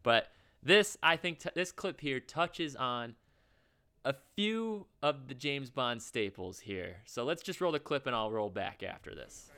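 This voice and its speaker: A man's voice: mid-range voice, expressive, a little slow, sharp tone, smooth. A man co-hosting a casual podcast, chatty and rambling with frequent laughs. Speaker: podcast co-host. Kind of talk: casual chat.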